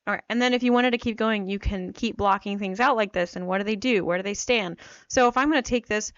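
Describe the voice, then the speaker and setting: A woman's voice: medium pitch, fast, dry recording, muffled recording. A woman teaching fiction writing in a casual, chatty tutorial, self-deprecating and full of fillers, talking while she types and just getting over a cold. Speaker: writing coach. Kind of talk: casual screen-share tutorial. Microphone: new microphone.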